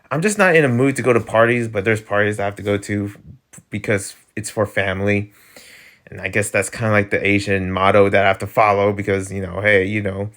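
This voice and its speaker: A man's voice: fairly low pitch, a bit bright. A man hosting his own channel, talking in a rambling, sarcastic, casual rant with lots of fillers and chuckles. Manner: chuckles between lines. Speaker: channel host.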